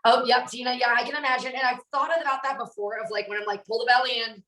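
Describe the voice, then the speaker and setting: Quick and fairly high, with a sharp tone, a woman fitness instructor talks bubbly through a live-stream cooking session. She answers viewers by name as she works, and the audio sounds roomy from a mic placed at a distance.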